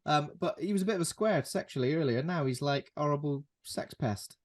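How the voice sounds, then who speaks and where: A man's voice: a little high, brisk. Brit guy co-hosting a horror podcast, laid back, lots of ums. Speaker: podcast co-host. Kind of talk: casual film recap chat.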